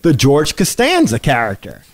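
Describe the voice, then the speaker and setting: A man's voice: mid-range voice, moderate pace. A man hosting a podcast, telling a story in casual chat and acting out the quotes with energy. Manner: animated storyteller, acts out quotes. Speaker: podcast host.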